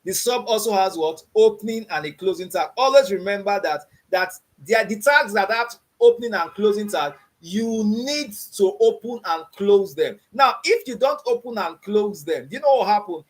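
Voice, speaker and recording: This online coding teacher for beginners speaks at normal speed with few pauses, his high-pitched voice full of expression. Over and over he asks "you understand what I'm saying?", and he puts open questions to the class, prompting them with "what?"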